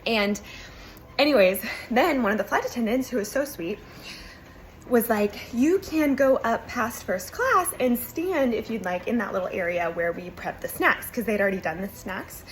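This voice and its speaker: A young woman, a mother, telling a long personal story in a chatty, animated way, full of "like" and "anyways". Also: fairly high pitch, moderate pace, slight background noise, low-quality recording. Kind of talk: casual storytelling.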